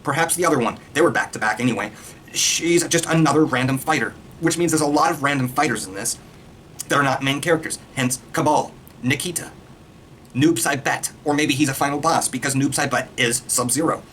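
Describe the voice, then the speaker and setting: A man in full rant mode, swearing constantly and jumping from point to point. His voice sits at an ordinary middle pitch. A faint background hiss runs under the recording. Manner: excitable, profane, rapid-fire ranting. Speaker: video reviewer. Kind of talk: casual rant.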